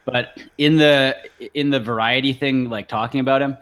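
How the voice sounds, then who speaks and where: A Canadian man co-hosting a podcast in loose, casual chat. He rambles through his stories and chuckles along the way, in a mid-pitched everyday voice. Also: fairly even intonation, moderate pace, a bit bright. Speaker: podcast co-host.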